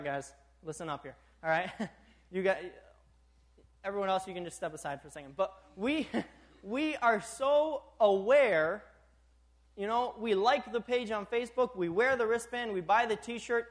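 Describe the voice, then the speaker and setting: A young man delivers a sermon in a notably high voice. He keeps it animated, chuckles often and keeps checking that his listeners are with him. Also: normal speed. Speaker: preacher.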